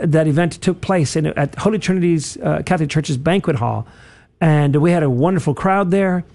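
A man's voice: on the high side, creaky, a little mellow. A man hosting a radio talk show, leading a prayer and chatting in a rambling, self-correcting way with easy chuckles.

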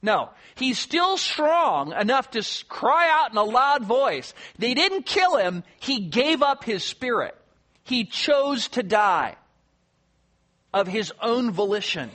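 A man delivering a sermon with a high, bright voice. He explains scripture passages with earnest conviction and sometimes lowers to a hushed tone to stress a point. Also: big pitch swings, slow. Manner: earnest expository preaching, quoting scripture, drops quiet for emphasis. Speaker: pastor.

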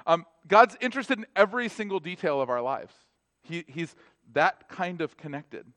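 A man delivers a sermon in an easygoing, conversational way. His voice sits somewhat high, and he slips into animated quoted dialogue. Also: moderate pace. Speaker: preacher.

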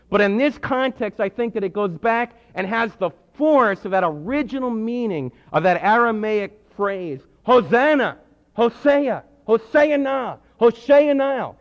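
A man preaching a sermon with emphatic delivery, swinging between hushed and loud. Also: sits high. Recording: muffled sound with long hall reverb.

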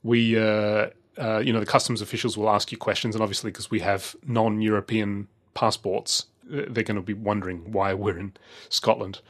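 A man's voice: on the low side, flat delivery, moderate pace, hardly any pauses, fairly bright tone. A middle-aged man telling a travel story in casual chat, rambling with many fillers and restarts.

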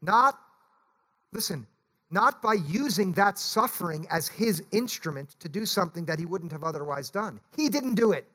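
Earnest high-voiced male preacher. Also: animated, moderate pace, fairly bright tone. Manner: earnest, pleading, repeats "listen". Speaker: pastor. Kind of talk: sermon. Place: church.

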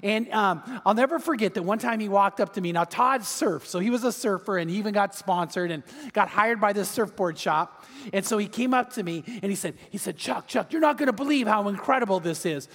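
A male pastor preaches with animated storytelling and often doubles up his words. His voice sits very high for a man. The long reverb of a large hall follows every phrase. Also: a little fast. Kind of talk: sermon.

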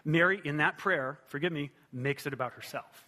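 Guy preaching, high bright voice, chatty and lively, lots of rhetorical questions. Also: normal speed. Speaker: pastor. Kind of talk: sermon.

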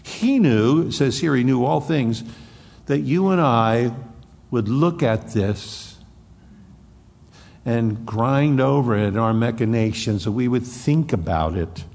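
Gravelly pastor preaching in a reverberant hall. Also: male voice, mid-range voice, slow pace, long pauses. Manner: emphatic, rising to bursts of loud stress then dropping soft. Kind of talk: sermon. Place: church hall.

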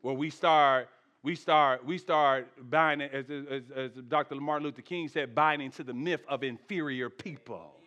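A man pastor preaching a sermon at a church service, animated, with shouted peaks, soft asides and humorous chat with the congregation. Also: on the high side, moderate pace, dull audio.

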